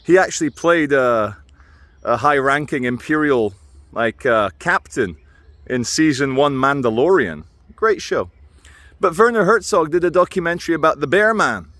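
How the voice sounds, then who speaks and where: A man's voice: on the high side, expressive, moderate pace, a bit bright, no room sound. A man rambling through a wry, meandering vlog monologue, musing aloud with asides while out on a walk and filming himself. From Britain. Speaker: video blogger. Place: outdoors on a walk.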